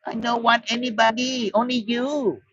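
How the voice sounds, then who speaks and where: A man voicing a young woman who pleads with her boyfriend in soft, broken English. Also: very high-pitched, fairly even intonation, normal speed, dull audio, voice pushed up. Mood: pleading.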